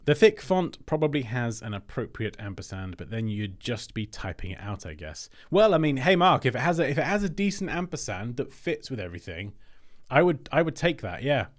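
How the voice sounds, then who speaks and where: A man's voice: mid-range voice, big pitch swings, brisk. A man hosting a design-review livestream, chatting casually and thinking aloud as he works on screen.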